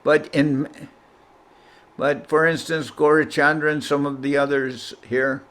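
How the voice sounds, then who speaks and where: A man's voice: fairly high pitch, a little slow. A man, a spiritual teacher, telling a self-deprecating story in an informal talk over a video call. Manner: anecdotal, self-deprecating, animated when quoting.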